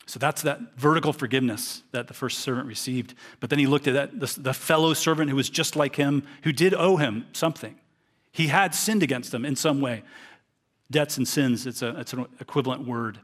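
A man's voice: medium pitch, normal speed. A man preaching a sermon, reading a parable aloud and explaining it earnestly. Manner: earnest, reads scripture aloud then explains it.

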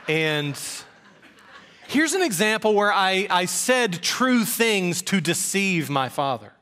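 A middle-aged man from preaches in a bright, forward voice pitched a little high. He tells folksy, self-deprecating stories from his own life. The delivery stays relaxed and conversational. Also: slow, pauses often. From rural Georgia, US. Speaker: pastor. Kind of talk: sermon with personal stories.

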